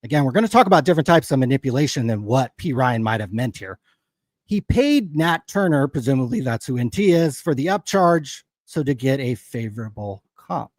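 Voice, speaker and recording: A man's voice: mid-range voice, very animated, a little fast, no room sound. A man hosting a livestream, ranting angrily with constant swearing in loose, heated casual commentary. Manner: profane, angry ranting. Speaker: livestream host.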